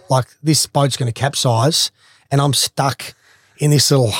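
A man's voice: medium pitch, measured pace, no room sound. Laid-back man telling a story. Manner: animated, swears freely, laughs mid-story. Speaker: guest, former footballer. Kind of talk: casual storytelling.

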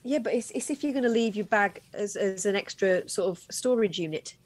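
A woman's voice: mid-range voice, fairly quick. A woman from England co-hosting a radio show, chatting casually with dry, teasing remarks. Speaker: radio co-host. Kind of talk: casual chat.

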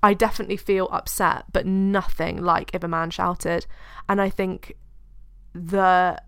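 Podcast co-host: British woman, lowish voice, close dry mic, rambling and candid. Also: level tone, measured pace, gravelly, a bit bright, clear, resonant tone, no room sound. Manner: chatty, rambling, swears freely. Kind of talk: casual chat.

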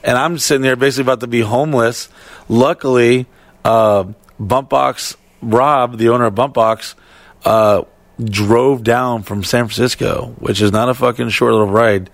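A man's voice: medium pitch, fairly even intonation, normal speed, creaky, no echo. A man telling a long story in casual chat, rambling and heavily profane, with lots of fillers. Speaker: podcast storyteller.

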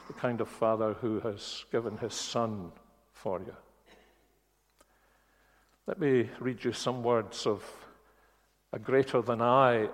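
A man preaching a sermon in a church, speaking earnestly and slowing on key words. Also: medium pitch. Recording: long reverb of a church hall.

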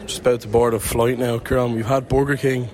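A man's voice: mid-range voice, level tone, a little fast. A young Irish man co-hosting a podcast, chatting in a jokey, self-mocking way while walking around a city. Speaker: podcast co-host. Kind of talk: casual travel chat. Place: outdoors and in an airport, walking through a city.

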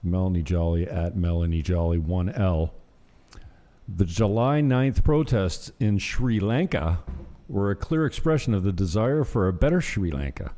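A man's voice: sits low, animated, moderate pace, dark tone. A man hosting a casual political chat, sarcastic, often laughing and trailing off mid-sentence. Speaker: host.

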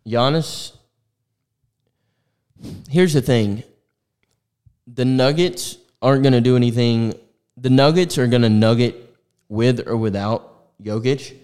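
A man's voice: medium pitch, slow, pauses often, a little mellow. A young man co-hosting a sports podcast, talking bluntly and swearing freely in casual chat. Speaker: podcast co-host.

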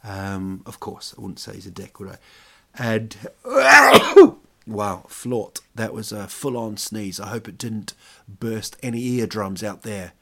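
A man's voice: fairly low pitch, fairly even intonation, unhurried. A man hosting a podcast, telling jokey stories in a rambling, casual monologue full of restarts. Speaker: podcast host.

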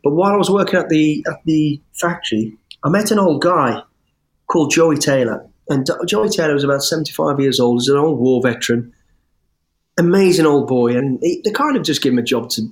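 A middle-aged man, an interview guest telling his life story in an animated, rambling way with restarts and swearing. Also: fairly high pitch, brisk. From English West Midlands. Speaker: interview guest, former soldier. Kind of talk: storytelling in conversation.

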